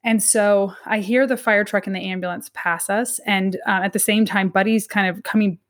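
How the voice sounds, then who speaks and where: A woman in her thirties, an academic guest in an interview, telling a personal story in an earnest, halting way with frequent restarts. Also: medium pitch, steady tone, a bit bright.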